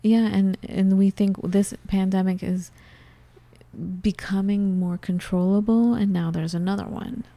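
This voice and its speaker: A woman's voice: medium pitch, measured pace, vocal fry, no room sound. A woman co-hosting a casual talk show, telling a personal story and acting out conversations along the way. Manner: storytelling, animated retelling of conversations. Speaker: co-host. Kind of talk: casual chat.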